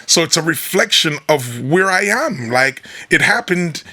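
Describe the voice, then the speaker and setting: A man with a Jamaican accent, a musician guest telling stories in a casual interview chat, animated and raspy. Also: a little high, a little slow. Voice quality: raspy, gravelly. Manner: animated storyteller, mimics people he quotes.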